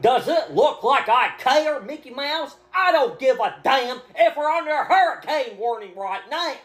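A man voicing a grouchy, stubborn male cartoon dog who shouts insults in a dopey drawl. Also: very high voice, lively intonation, normal speed. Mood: angry.

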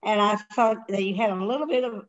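An older woman hosting a casual conversation, talking in a halting, rambling way with many restarts. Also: mid-range voice, muffled recording. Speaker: host.

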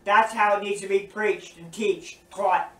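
A high-pitched man preaches slowly and earnestly, leaning on repetition for emphasis. He sounds set back from the mic in a roomy, echoing space. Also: steady tone, pushed and bright. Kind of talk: recorded sermon teaching. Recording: roomy echo, distant from mic.

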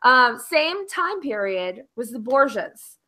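Co-host type: high, bright woman, excitable and talkative, laughs a lot, video-call sound. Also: slow pace. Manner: excitable, laughs often, jumps in over others. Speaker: book club co-host. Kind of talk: casual group chat. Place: home.

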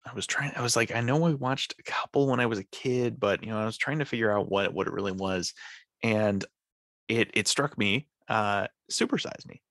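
A podcast co-host chats casually, rambling and laughing often, in a lowish, slightly bright voice at a moderate pace. The studio-quality recording has no room sound.

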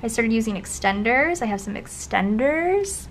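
A young woman chats her way through old planner spreads, gushing and dropping into soft, breathy asides. Her voice sits a little high. A faint background hiss runs under the home recording. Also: expressive, normal speed, few pauses. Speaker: planner vlogger. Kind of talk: casual flip-through commentary.

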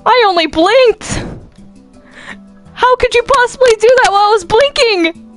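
A woman voicing a bossy, loud female ink cartoon angel in a Minecraft role-play, shrill and exasperated. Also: takes it slowly, soft background music, full character voice. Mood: shrill outrage.

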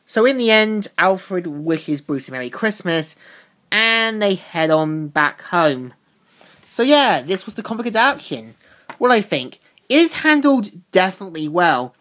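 A woman talks through a comic's plot in a loose, casual recap, circling back and restarting her sentences as she goes. Her voice is fairly low for a woman. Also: sing-song, unhurried, fairly bright tone. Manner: rambling retelling with loose restarts. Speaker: comic book reviewer.

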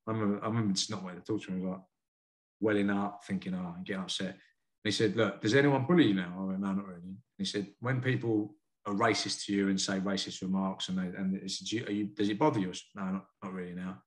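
A man's voice: lowish voice, fairly even intonation. A man from the UK, a karate sensei and boxing coach, telling stories frankly and earnestly as a podcast guest. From United Kingdom. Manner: frank, earnest, quick to admit feelings. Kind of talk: candid storytelling in a podcast interview.

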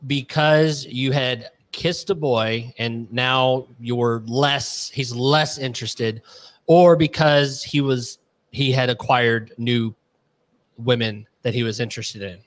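A man on a discussion panel asks a question carefully, with some hesitation. He speaks slowly and keeps his voice at a middle pitch. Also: steady tone. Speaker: panel guest.

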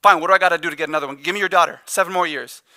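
A brash young husband rattles off his demands in a rush, as a preacher acts him out. His voice is fairly high and sharply bright, told as a sermon retelling. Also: racing, no room sound, clean studio sound. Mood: impatient.

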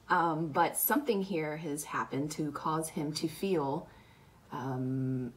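Low-voiced woman teacher explaining patiently. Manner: patient, explaining, checking with "okay?". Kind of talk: classroom read-aloud lesson.

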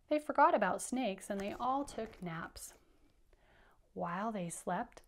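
A woman teacher reading a picture book aloud to young children at an unhurried, deliberate pace. She is patient and encouraging, and she invites the kids to count along with her. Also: medium pitch. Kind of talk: interactive children's read-aloud.

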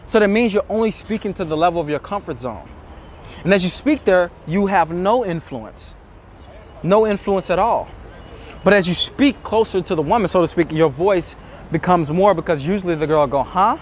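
A man's voice: high-pitched, a little hiss or hum. A man talking as a dating coach, emphatic and acting out the inner thoughts of nervous men. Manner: emphatic, acts out inner thoughts in quoted asides. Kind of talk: motivational talk to camera.

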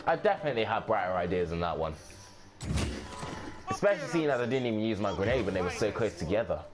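A man's voice: fairly low pitch, big pitch swings, fast talker, crowd noise. A man giving casual, offhand gameplay commentary, swearing and thinking aloud as he plays.

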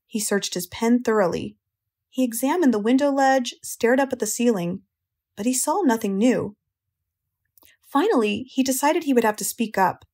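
An American woman narrating a children's audiobook in a slow, clear, gentle way. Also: on the high side, animated. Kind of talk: storybook narration.

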